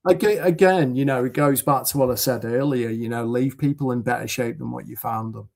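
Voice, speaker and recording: Joining a podcast by video call, a man from the United Kingdom talks in a casual, earnest, meandering style full of filler words. His mid-range voice moves fairly quickly, carries vocal fry, and has a slightly mellow quality.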